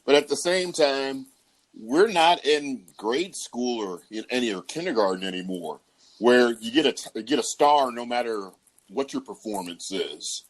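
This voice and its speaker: A man's voice: medium pitch, unhurried, no room sound. Laughing male sports podcast host. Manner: laughs often, talks in restarts. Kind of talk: casual sports talk podcast.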